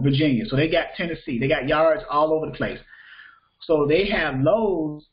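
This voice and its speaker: A man's voice, on the high side, leads a live freight broker training session, with the recording's high frequencies cut off. He chats casually, repeats himself, and questions students to confirm they understand.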